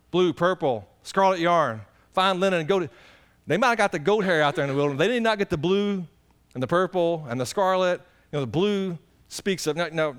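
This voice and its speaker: High-voiced preaching man, folksy and lively. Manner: swings between high excited preaching and low quiet asides; folksy, asks the congregation questions. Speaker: pastor. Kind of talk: sermon.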